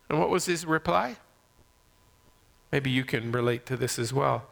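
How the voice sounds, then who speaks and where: Gravelly preacher in a big echoing hall. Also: male voice, medium pitch, moderate pace, pauses often. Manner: dramatic shifts between loud emphasis and soft near-whispers. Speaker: pastor. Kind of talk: sermon.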